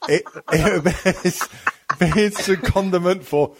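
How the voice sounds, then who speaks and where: A man's voice: on the high side, takes it slowly, background noise. A man co-hosting a podcast, joking crudely, swearing and laughing often. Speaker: podcast co-host. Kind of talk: crude banter.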